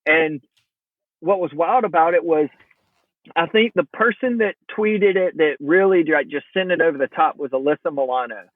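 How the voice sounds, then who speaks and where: A man's voice: a little high, moderate pace, dry recording. A man, a podcast guest, telling a story in casual conversation and acting out the dialogue of the people in it. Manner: animated, acts out quoted dialogue. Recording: tinny phone-line sound.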